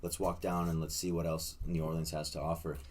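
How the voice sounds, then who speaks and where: A man's voice: extremely low pitch, little pitch movement, brisk. A young man in casual podcast chat, telling a rowdy story with swearing and laughter. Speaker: guest. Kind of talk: casual storytelling among friends.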